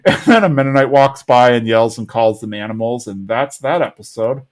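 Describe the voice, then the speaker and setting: A man's voice: medium pitch, fairly even intonation, normal speed, hardly any pauses. A man co-hosting a podcast, casually recapping an episode and rambling, sometimes acting out characters' lines. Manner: rambling, acts out lines in funny voices. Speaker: podcast co-host.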